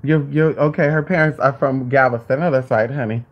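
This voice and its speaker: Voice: mid-range voice, steady tone, fairly quick, highs cut off, noisy background. A host chatting casually at home with viewers, calling everyone "honey" and talking to their dog between remarks. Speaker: live-stream host.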